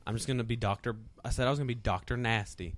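A man's voice: mid-range voice, very fast. A man, a wrestler and podcast guest, telling stories with laughter and profanity. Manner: profane, laughing, acts out quotes. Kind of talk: animated storytelling. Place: podcast studio.

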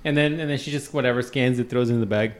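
Animated young man telling a story. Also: medium pitch, rapid-fire. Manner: animated storyteller, acts out voices, laughs often. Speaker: podcast co-host. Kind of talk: casual podcast chat.

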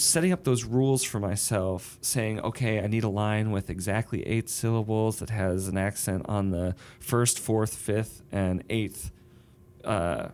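A man with a lowish voice talks casually about writing songs and books. He explains his ideas patiently, working through examples aloud. The tone is relaxed and conversational. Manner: thoughtful, explains with sung rhythms and examples. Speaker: songwriter and novelist.

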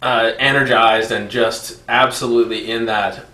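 A man in casual chat, talking with lively, laughing enthusiasm. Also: mid-range voice, a little slow, far from the mic. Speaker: band member and co-host. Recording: roomy echo, off mic.

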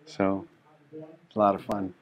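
Hushed, low-voiced male host rambling. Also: muffled recording. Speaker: comedian and show host. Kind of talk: casual chat. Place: club lobby during a show.

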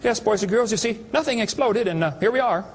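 A man's voice: high voice, quick pace, slight background noise. A man giving a preaching lecture to an audience, telling folksy, mocking stories with acted dialogue. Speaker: creation science speaker.

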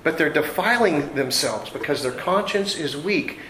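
A slightly high-voiced man delivers a sermon, reading scripture aloud and then talking it through in an easygoing, conversational way. His voice rings in a roomy, echoey space with a faint hum of ambience behind it. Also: lively intonation, normal speed, a bit bright. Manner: conversational preaching with homey anecdotes. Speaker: pastor.

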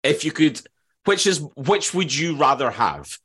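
Male podcast host, average pitch, animated delivery, reads out listener questions. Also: measured pace, breathy edge. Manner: lively, laughs often, reads questions out. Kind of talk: casual podcast chat.

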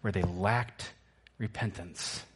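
A man's voice: low voice, steady tone, slow, husky. Emphatic male pastor preaching a sermon. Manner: emphatic, repetitive, calls on congregation to respond. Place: church, before congregation.

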